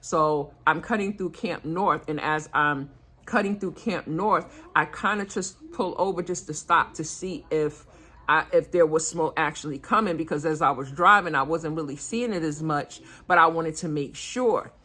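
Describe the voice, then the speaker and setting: A woman's voice: deep voice, moderate pace, sharp tone. An older woman, telling a personal story in a chatty, earnest way, quoting what others said. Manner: chatty, earnest, retelling with quoted dialogue. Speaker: vlogger. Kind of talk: casual storytelling vlog.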